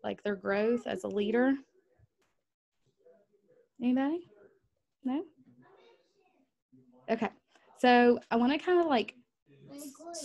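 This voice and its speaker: A woman leading a team call, talking casually and acting out inner thoughts with lively bursts. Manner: animated, chatty, acts out inner voices in a higher pitch. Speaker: team leader. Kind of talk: team call coaching talk. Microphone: video call.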